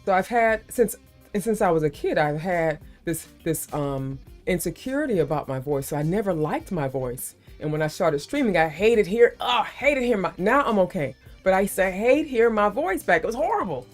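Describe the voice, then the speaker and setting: A woman with a deep, resonant voice hosting a casual live-stream chat, animated and quick to laugh. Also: faint music behind. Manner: animated, expressive, laughs easily.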